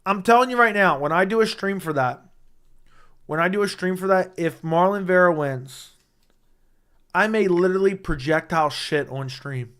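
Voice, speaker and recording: Excitable young man chatting on a stream. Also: high voice, moderate pace, clear, resonant tone. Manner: excitable, swears, rambling with restarts. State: losing his voice. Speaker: MMA livestream host. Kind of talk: casual livestream chat reading chat.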